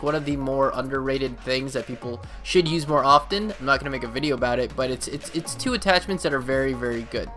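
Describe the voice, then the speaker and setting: A man's voice: mid-range voice, pushed and bright. A young man from Canada answering viewer questions in a casual, rambling chat, full of fillers and restarts.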